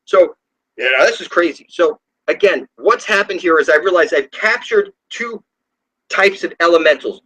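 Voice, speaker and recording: A man's voice: high voice, lively intonation, normal speed, bright, forceful tone, breathy edge, rough recording. A man at home delivering a rambling, profane spiritual rant, scornful and preachy, often trailing off and restarting his sentences. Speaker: online video ranter.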